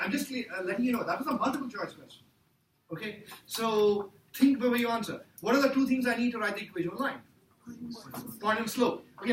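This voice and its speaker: A man's voice: very high-pitched, fairly bright tone. A man teaching a math class, joking with students and quizzing them as he works problems. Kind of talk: classroom lecture. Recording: echoey room from far off, faint noise.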